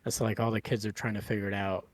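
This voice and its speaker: A man's voice: on the low side, flat delivery, racing, dry recording. A man hosting a podcast, chatting casually in a rambling way with lots of fillers and swearing. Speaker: podcast host.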